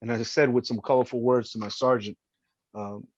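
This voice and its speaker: A man's voice: medium pitch, steady tone, brisk, a little mellow, slightly rough, no room sound. A man as a podcast guest, telling his survival story emphatically, acting out what people said and cursing now and then. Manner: emphatic, vivid, reenacts voices, swears. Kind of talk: emotional first-person storytelling. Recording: dry, slightly dull podcast audio.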